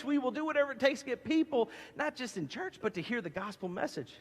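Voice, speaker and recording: A man preaching a sermon as pastor, emphatic and animated with playful asides, in a church sanctuary. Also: extremely high pitch, fast, few pauses. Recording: long hall reverb.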